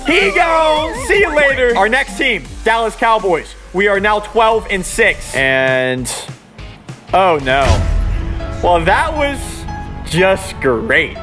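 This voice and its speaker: A man giving live commentary over his own football video game play, excitable, swinging from muttered asides to sudden shouts. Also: sits high. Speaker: gaming YouTuber.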